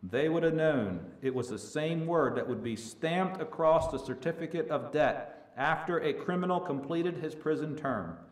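A male preacher giving a sermon who swells from hushed to loud and stretches key words. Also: on the high side. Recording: echoey room with faint ambience.

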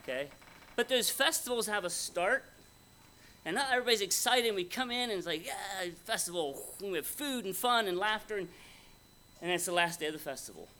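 A man's voice: high-pitched, a little fast, bright, forceful tone. A man preaching a conversational, folksy sermon at a Bible conference, often asking his audience questions. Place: conference hall before an audience.

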